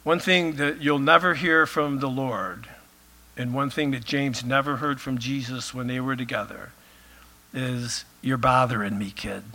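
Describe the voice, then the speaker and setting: A man's voice: mid-range voice, unhurried, pushed and bright. A male pastor preaching a conversational sermon, full of filler phrases, while losing his voice.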